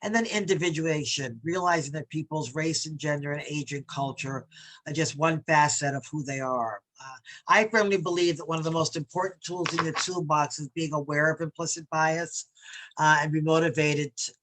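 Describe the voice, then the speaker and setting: A woman's voice: low voice, fairly even intonation, moderate pace, fairly bright tone. A woman from New York leading a workshop on bias, talking conversationally and reading quotes aloud with emphasis. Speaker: diversity workshop presenter.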